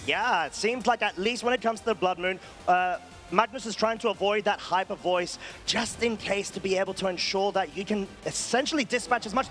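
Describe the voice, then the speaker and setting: A man giving live play-by-play commentary on a competitive video game match, getting excited at big plays. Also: sits high, fairly quick. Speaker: esports commentator.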